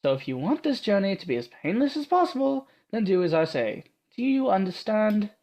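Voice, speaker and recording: A hard-edged swordswoman talks down to her companion, clipped and bossy, with a Scottish accent, put on by a man reading a visual novel. She gives orders without softening them. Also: high voice, sing-song, fairly quick, pitched above the performer's own voice. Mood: stern. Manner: brusque, commanding. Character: gruff tough woman swordswoman, blunt and bossy.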